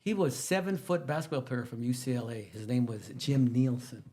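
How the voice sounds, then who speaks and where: A man talks in a loose, animated storytelling style, his voice jumping up in pitch for emphasis. He drifts from story to story as he would in a casual podcast chat. His voice sits in the middle range for a man. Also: normal speed. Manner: animated, rambling, jumps between stories, emphatic pitch rises. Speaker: guest, teacher.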